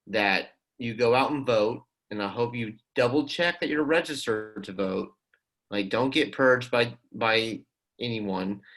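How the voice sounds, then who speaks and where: A man's voice: medium pitch, a bit bright, rough recording. A man co-hosting a casual podcast who speaks in a sardonic, joking way. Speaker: podcast co-host.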